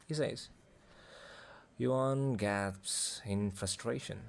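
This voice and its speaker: A man reads a fantasy story aloud as an audiobook narrator. His delivery is measured and steady, in a plain speaking voice. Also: medium pitch.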